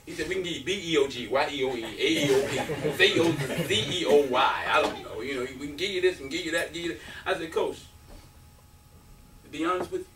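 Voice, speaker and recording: A man in his fifties, a former college basketball player, giving an animated storytelling speech at a breakfast event, acting out quotes and laughing often. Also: on the high side, fast talker, a crowd in the background. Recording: roomy, from a distance.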